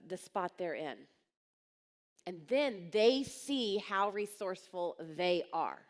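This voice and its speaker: Blunt woman speaking in a reverberant hall. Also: medium pitch. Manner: blunt, direct storytelling, acting out quoted voices. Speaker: coaching business speaker. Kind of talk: live conference talk. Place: large conference hall.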